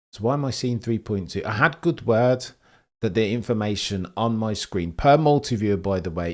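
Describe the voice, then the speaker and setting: A young man hosts a live motor-racing stream, reading out viewer messages and riffing on them. His voice sits low and deep, and his delivery stays chatty and jokey. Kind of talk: live race commentary and chat reading.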